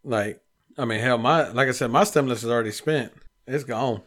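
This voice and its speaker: A man's voice: medium pitch, a little fast, a bit bright. A man, chatting casually on a podcast and telling profane stories with quoted voices. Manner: profane storyteller, acts out quoted people. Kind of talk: casual chat.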